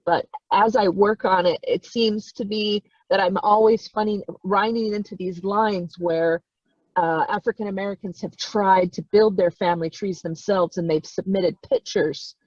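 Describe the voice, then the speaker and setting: On dull, dry video call audio with no room sound, a woman volunteer genealogist speaks at medium pitch and normal speed, her intonation fairly even and tone a little mellow. Her emotional remarks come out tearful and gushing, and she repeats herself while choked up.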